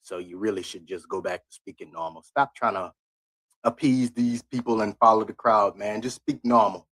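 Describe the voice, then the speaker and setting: A man's voice: on the low side, fairly even intonation, moderate pace, a bit bright, dry recording. Blunt, rambling male streamer, dry sound. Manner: blunt, critical, rambling asides. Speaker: live streamer reacting to a video. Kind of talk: casual live-stream commentary.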